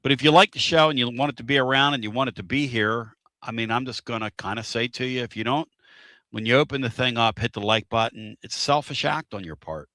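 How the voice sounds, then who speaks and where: A male host rambles through a casual live-streamed talk show in a folksy, repetitive way. His voice is bright and forceful. The sound is dry and close. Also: mid-range voice, fast talker, no room sound. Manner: rambling, repeats himself, folksy.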